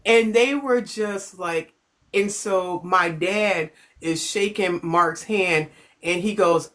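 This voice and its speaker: Speaking slowly in a fairly low, fairly bright voice, a middle-aged woman from Chicago, United States, hosts a phone livestream. She rambles through a personal story and stops now and then to say hello to viewers.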